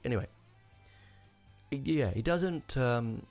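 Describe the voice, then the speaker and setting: A man's voice: lowish voice, moderate pace, vocal fry, a little mellow, soft background music. A man hosting a podcast on his own, rambling enthusiastically with many restarts. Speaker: podcast host. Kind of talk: casual solo rambling.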